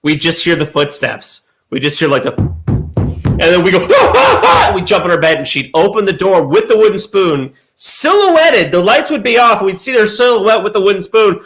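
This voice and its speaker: Animated storytelling man, slightly high voice. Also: normal speed. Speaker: co-host. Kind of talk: casual chat, storytelling.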